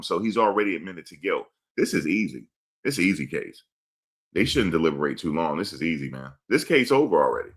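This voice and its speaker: A man hosting a casual commentary show, blunt and emphatic, repeating his points. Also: low-pitched. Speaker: host.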